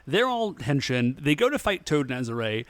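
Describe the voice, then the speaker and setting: Man, podcast co-host, relaxed plot recap, lively intonation, dry close-miked sound. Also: mid-range voice, normal speed, no echo. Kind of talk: casual chat.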